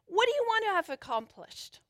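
A woman's voice: very high voice, big pitch swings, fairly quick. A woman pastor preaching a sermon in a chatty, playful way, joking and laughing easily with the congregation.

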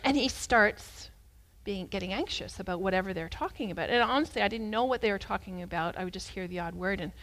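A woman preacher giving a sermon as a story, talking in an animated, conversational way that swings between loud and hushed. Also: mid-range voice, quick pace.

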